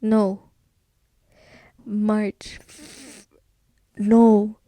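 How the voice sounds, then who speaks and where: Speaking extremely slowly in a monotone, medium-pitched voice, a young woman on her solo podcast shares a personal story casually. She mixes in slang and Spanish phrases and frequently softens to a whisper, and there's no echo.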